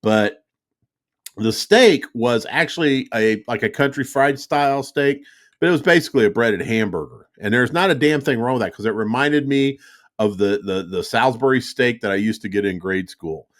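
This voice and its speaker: At normal speed and in a mid-range voice, a middle-aged man hosts a podcast, trading lively, profane stories and laughing often along the way.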